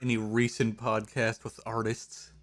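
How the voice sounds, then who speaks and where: A man's voice: fairly low pitch, level tone, measured pace. A man co-hosting a casual podcast chat, laid-back and teasing.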